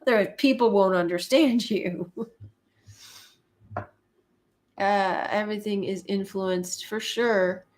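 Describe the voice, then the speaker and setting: Slow-talking woman hosting a live chat. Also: mid-range voice, a little mellow. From Canada. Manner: unhurried, laughs often, reads chat comments aloud and muses with fillers. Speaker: live-stream host reading viewer chat.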